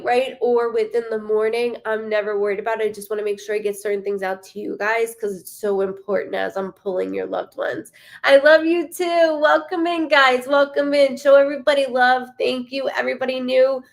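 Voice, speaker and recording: A woman with a fairly high voice hosts a live stream as a psychic medium, chatting casually, greeting viewers by name, and swearing freely.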